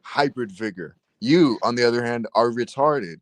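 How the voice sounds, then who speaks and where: Man, Irish accent, mid pitch, mocking, slow and deliberate, dry close mic. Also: dry recording. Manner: taunting, insulting, slow and deliberate. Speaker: debater. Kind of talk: heated online debate.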